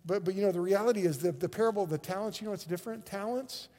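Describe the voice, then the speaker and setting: A male pastor, preaching a sermon with animated energy and frequent word repetitions. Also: high voice, rapid-fire, big-room sound. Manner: animated, repeats words when excited.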